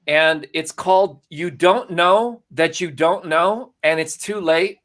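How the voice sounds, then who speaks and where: Man, live marketing stream host, slightly high voice, animated, salesy, casual. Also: takes it slowly. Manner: animated, salesy, addresses viewers by name.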